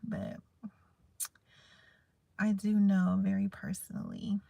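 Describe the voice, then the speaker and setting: Gravelly-voiced woman vlogging candidly. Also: mid-range voice, flat delivery, slow, dark tone, dry recording. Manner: candid, emotional, rambling. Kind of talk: casual heartfelt chat to camera.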